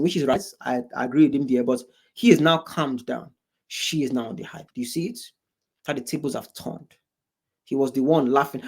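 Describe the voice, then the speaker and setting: A man's voice: mid-range voice, fairly even intonation, fairly quick. A man hosting a reaction video, commenting in a mocking way and mimicking the people he watches.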